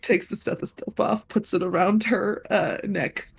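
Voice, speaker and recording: A woman's voice: mid-range voice, measured pace, vocal fry, husky. A woman narrating a tabletop game as game master, playful and full of fillers.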